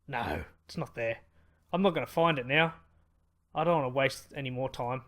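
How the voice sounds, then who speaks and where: A man's voice: a little high, moderate pace, fairly bright tone. A man hosting a baseball management let's-play, talking in a rambling, casual way with many fillers and restarts, elated. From Australia.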